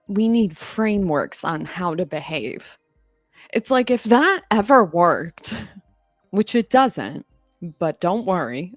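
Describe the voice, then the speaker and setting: A woman's voice: fairly low pitch, no echo, studio quality. A woman around thirty giving casual, offhand commentary on a live stream, mocking herself and laughing often.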